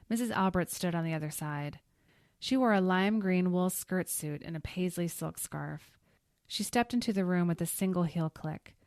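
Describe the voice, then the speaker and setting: Low, dry woman narrating a story. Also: no room sound. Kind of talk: scripted audiobook narration.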